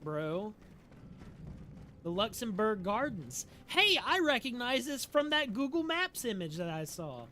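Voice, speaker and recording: A man's voice: sits high, expressive, a little slow, pushed and bright, a little hiss or hum. A young man with a Southern US drawl casually chatting and joking while streaming a game, talking back to chat. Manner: slurred drawl.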